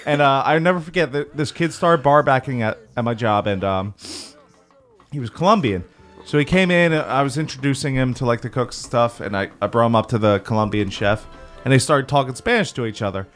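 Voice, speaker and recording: Man, lively swooping voice, laughing storyteller, faint music behind. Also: mid-range voice, a little fast. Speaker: podcast co-host. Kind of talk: casual chat.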